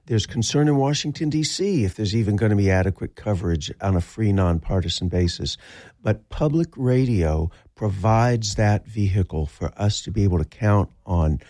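A male public radio host with a very deep voice, recorded dry and close with no room sound. He rambles a little, fills gaps with "uh", and jokes about his own mistakes. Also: animated, moderate pace, mellow, no echo. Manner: self-deprecating, rambling, with fillers. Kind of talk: on-air radio banter.

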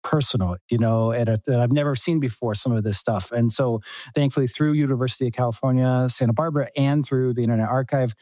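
A man's voice: medium pitch, fast talker, warm tone, no echo, low-quality recording. A man, a documentary filmmaker, talking earnestly in an interview with many fillers and restarts. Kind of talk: casual interview talk. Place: home room.

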